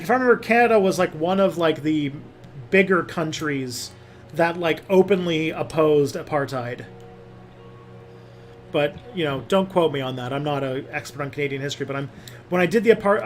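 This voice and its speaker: A young man hosting a casual livestream, reading viewer comments and rambling with many fillers and restarts. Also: fairly high pitch. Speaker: livestream host.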